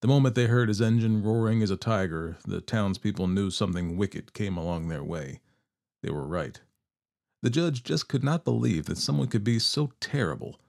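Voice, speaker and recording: Low-voiced guy reading a story, measured and dramatic. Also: animated, creaky, a little mellow. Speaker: story reader.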